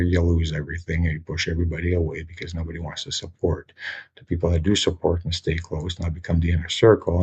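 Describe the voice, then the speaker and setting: Man, deep raspy voice, flat agitated ramble with heavy swearing. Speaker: vlogger appealing for funds. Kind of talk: unscripted rant to camera.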